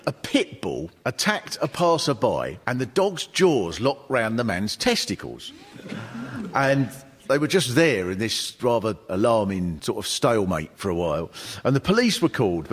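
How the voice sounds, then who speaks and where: Animated English man doing live stand-up. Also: mid-range voice. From England. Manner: lively storytelling, breaks into shouted impressions. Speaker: stand-up comedian. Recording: reverberant hall with audience.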